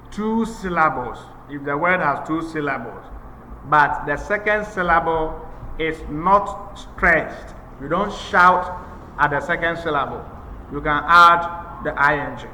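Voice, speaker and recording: A man teaching English grammar in a slow, methodical lecture, repeating each point for emphasis. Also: fairly high pitch, sharp tone, slight background noise. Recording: echoey room with long reverb.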